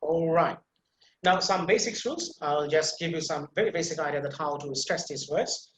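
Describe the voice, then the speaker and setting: A male teacher giving a pronunciation lecture, repeating example words slowly and stressing their syllables, a native Bengali speaker. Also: on the high side, echoey room, slight background noise. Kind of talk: online lecture.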